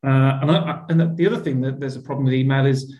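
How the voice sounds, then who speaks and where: School leader type, man, earnest and reflective, warm low tone in an echoey room. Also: steady tone, fast. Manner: earnest, reflective, with frequent restarts. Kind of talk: interview conversation.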